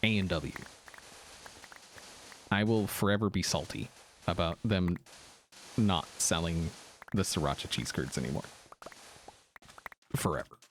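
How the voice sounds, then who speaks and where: Male streamer, low-ish and lively, rambling casual chat, faint hiss behind. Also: a little slow, pauses often. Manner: rambling, animated, self-interrupting. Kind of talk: casual chat while gaming.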